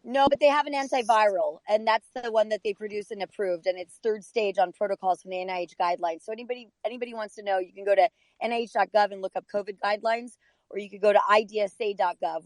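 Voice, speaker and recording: Hurried, explanatory woman. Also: medium pitch, steady tone, no echo, poor audio. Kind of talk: casual group discussion.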